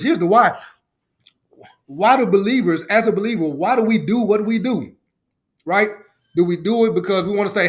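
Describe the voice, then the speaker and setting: High-voiced animated man preaching. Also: normal speed, long pauses. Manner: animated storyteller, acts out quotes. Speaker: podcast guest, ministry founder. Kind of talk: enthusiastic testimony.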